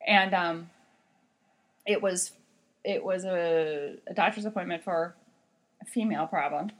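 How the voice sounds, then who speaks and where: A woman with a somewhat low voice tells stories from her work as a sign language interpreter. She is animated and emphatic, often restarting her sentences as she goes. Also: unhurried.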